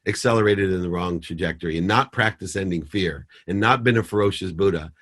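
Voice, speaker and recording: A man's voice: sits low, a little fast. A middle-aged man, a podcast guest, telling a story and acting out the dialogue. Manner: animated storyteller, acts out dialogue.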